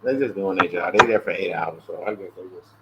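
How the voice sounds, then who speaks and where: Profane, animated man on a livestream. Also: sits low, a little fast, muffled recording, heavy background noise. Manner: loose, profane, animated storytelling; mimics callers in a raised voice. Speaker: livestream host. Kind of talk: casual livestream chat. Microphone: earpiece headset.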